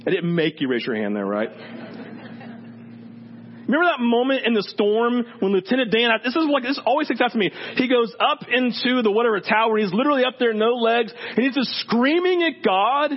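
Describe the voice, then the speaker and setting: A man preaching a sermon in an animated, joking way, acting out the voices of people he quotes. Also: extremely high pitch. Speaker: pastor. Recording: dull sound with faint hum.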